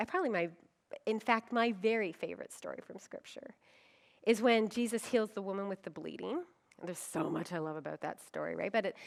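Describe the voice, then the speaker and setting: A middle-aged woman pastor giving a conference sermon, telling stories with humor and acting out quoted voices. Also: medium pitch. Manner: humorous, with frequent laughs.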